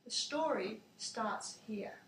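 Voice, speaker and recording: A woman reading a Bible story aloud in a slow, measured storytelling manner. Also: fairly high pitch, lively intonation, a bit bright. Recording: echoey room, mic far off.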